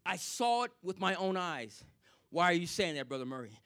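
A man's voice: high voice, very animated, moderate pace, fairly bright tone. A man preaching a sermon, telling his own story and asking the congregation "Amen?" as he repeats key lines. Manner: repetitive, asks the congregation "Amen?"; personal testimony, intense.

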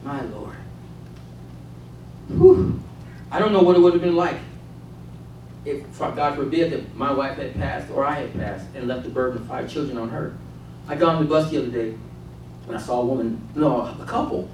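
A man's voice: medium pitch, moderate pace, long pauses, darkish tone, a little hiss or hum. A man preaching a sermon to a congregation, calling for responses and telling humorous stories. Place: church room with a congregation. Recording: very echoey room, mic far off.

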